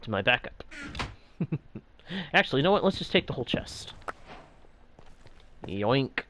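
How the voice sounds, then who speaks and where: A man's voice: on the high side, sing-song, brisk, pushed and bright, a little hiss or hum. A man casually commenting on his own game as he plays, playful and jokily grumbling to himself. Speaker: gaming channel host.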